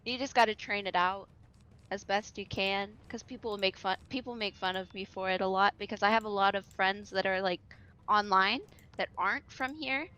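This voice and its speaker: A woman's voice: medium pitch, normal speed, sharp tone, clean tone. A young woman from the American South, chatting and giggling casually while gaming on a stream.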